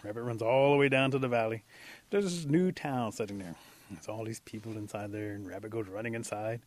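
A man telling an animal folk tale in a lively oral style, with repetition and spoken sound effects. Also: on the low side, a little fast. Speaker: storyteller.

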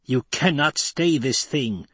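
A grim old truth-sayer woman murmurs warnings in a hushed, breathy voice, as a male reader puts her on. It is quiet with a changed timbre. The sound stays close and dry. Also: medium pitch, slow pace, no room sound, pitched above the performer's own voice. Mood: foreboding.

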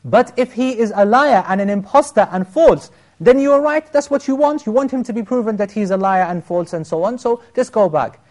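A calm young warrior speaks steadily and firmly, voiced by a male storyteller. He holds his ground. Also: high-pitched, fairly quick, few pauses.

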